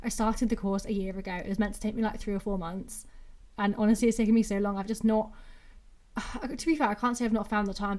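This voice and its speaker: A woman's voice: medium pitch, mellow. A woman in her twenties from England with a mixed Brummie and Mancunian accent, chatting casually and rambling on her own podcast. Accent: English, a mix of Brummie and Mancunian. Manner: rambling and chatty, with constant "like" fillers. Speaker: podcast host. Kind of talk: casual solo podcast chat.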